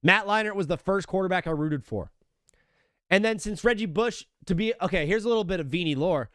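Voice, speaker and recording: A young man hosts a live sports talk stream, chatting casually and animatedly and often calling people "brother" and "dude." His voice sits high and sounds brisk and a bit bright, captured in a dry, studio-quality recording.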